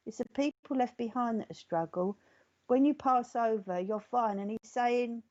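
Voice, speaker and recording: Woman medium doing a live reading, soothing, keeps asking okay? all right?, warm mellow voice, kinda muffled audio. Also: fairly high pitch, measured pace. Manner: reassuring, often checks in with "okay?" and "all right?". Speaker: psychic medium.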